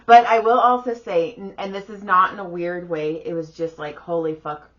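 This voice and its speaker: A woman's voice: fairly low pitch, fairly even intonation, a bit bright, lo-fi sound. A middle-aged woman co-hosting a podcast with her husband, chatting casually about family. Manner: chatty, quick to laugh. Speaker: podcast co-host. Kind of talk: casual chat.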